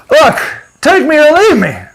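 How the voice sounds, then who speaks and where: Man, high voice, swings wildly in pitch, agitated profane rant, laughing between lines. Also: creaky, fairly bright tone. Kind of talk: unscripted ranting monologue.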